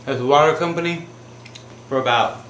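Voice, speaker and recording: Male storyteller, casual and rambling, mid pitch, roomy recording with faint noise. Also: normal speed, a bit bright. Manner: rambling, loose, with filler words. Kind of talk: casual anecdote telling.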